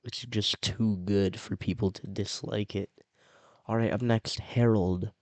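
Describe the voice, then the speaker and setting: A man with a lowish voice talks slowly through a casual, rambling commentary, often restarting and correcting himself. The recording is dry and close, with no room sound around him. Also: steady tone, dry recording. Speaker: video creator ranking show themes.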